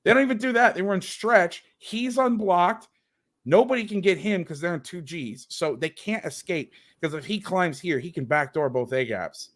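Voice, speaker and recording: A man's voice: sits high, lively intonation, normal speed, fairly bright tone. A man hosting as a football coach, breaking down game film on a video call with sarcastic, exasperated commentary.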